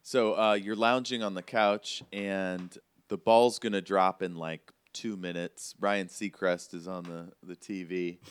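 A man running a tabletop role-play as game master, telling the scene in a relaxed, conversational way with plenty of fillers. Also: low voice, a little slow, hardly any pauses, clear, resonant tone, dry recording.

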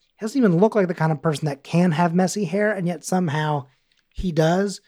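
A man's voice: sits high, brisk, darkish tone. A man co-hosting a podcast, chatting casually about a TV episode, rambling with lots of fillers. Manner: rambling, many fillers, acts out quotes. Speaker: podcast co-host. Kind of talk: casual chat recapping a TV episode.

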